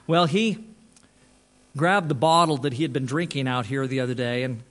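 A man's voice: medium pitch, moderate pace. A man who is a pastor, telling a story in a sermon in a conversational way, often restarting his phrases.

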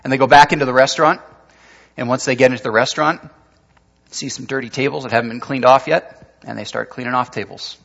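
A man preaching a sermon as pastor, telling a story that moves between lively and hushed delivery, recorded with dull lo-fi sound in a church sanctuary. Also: medium pitch, quick pace, gravelly. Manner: storytelling, shifting from animated to hushed. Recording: dull lo-fi sound with long hall reverb.

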